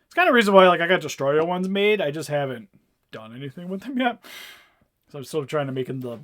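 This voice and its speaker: Young guy geeking out over a toy, high voice, bouncy, lots of "like"s. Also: sing-song, fast, a bit bright. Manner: enthusiastic, rambling with fillers and laughs. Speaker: co-host reviewing toy figures. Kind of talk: casual review chat.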